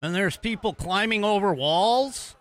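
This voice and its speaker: This American political podcast host speaks in a high voice with lively intonation, a little slowly, on a dry recording. He rambles casually over video footage he is playing, using many fillers and restarts.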